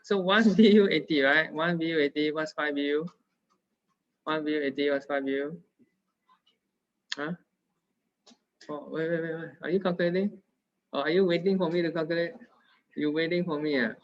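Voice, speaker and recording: A man's voice: on the high side, fairly even intonation, normal speed, long pauses, fairly bright tone. A man with a Singaporean English accent, tutoring math in a casual, playful, teasing way. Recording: dull lo-fi sound.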